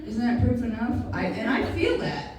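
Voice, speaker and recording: A woman in her fifties doing a stand-up comedy set, brash and profane with self-mocking punchlines. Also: on the high side. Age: 50s. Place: live comedy venue. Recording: distant mic in a reverberant room with audience noise. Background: audience laughter.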